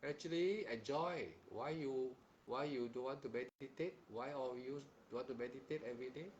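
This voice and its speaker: A man's voice: mid-range voice, moderate pace, darkish tone, highs cut off, slight background noise. A man teaching meditation and giving a dharma talk. He is stern and admonishing, repeats himself, and keeps asking "huh?" as a tag question. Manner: repeats phrases and restarts sentences in plain, simple wording.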